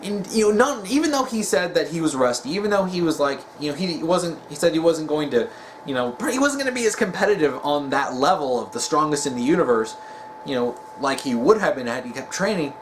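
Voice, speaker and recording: A young man chatting casually in a rambling commentary, leaning on fillers and quick chuckles. His voice is slightly high and very lively in pitch. Faint noise sits behind him. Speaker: video commentator.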